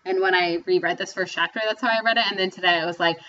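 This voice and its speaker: A woman co-hosting a casual book-chat podcast, chatty and quick to laugh. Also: on the low side, dull audio. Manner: chatty, laughs often, animated. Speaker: podcast co-host.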